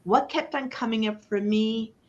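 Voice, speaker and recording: A woman business coach speaking as a guest on a live online panel, giving a motivational talk with emphatic, chant-like repetition and dramatic pauses. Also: fairly high pitch, muffled recording.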